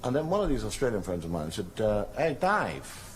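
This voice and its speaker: A man's voice: fairly low pitch, very animated, fairly quick. An older man doing stand-up, telling rambling, wry anecdotes and putting on quoted voices. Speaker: stand-up comedian. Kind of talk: stand-up storytelling. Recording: noisy stage recording.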